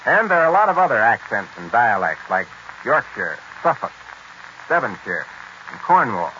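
A man narrating in a brisk, explanatory way, in a 1940s radio documentary. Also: mid-range voice, big pitch swings, bright, forceful tone, slight background noise. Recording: dull lo-fi 1940s radio recording.

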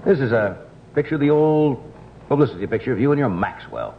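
A man's voice: mid-range voice, lively intonation, brisk. A man hosting a talk show, chatting casually in a friendly way, with many fillers. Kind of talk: casual interview chat. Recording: dull old TV audio with clear hiss.

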